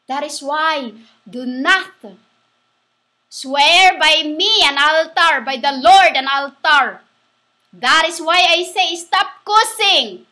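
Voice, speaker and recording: A woman giving a rambling religious monologue, halting and restarting, spelling words out letter by letter. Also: high-pitched, sharp tone. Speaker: self-styled preacher.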